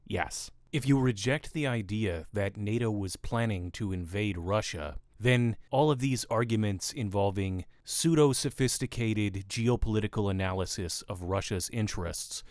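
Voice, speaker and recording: A man's voice: on the low side, dry recording, studio quality. A man hosting a solo commentary podcast, arguing his points with sarcasm and reading quotes aloud. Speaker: podcast host.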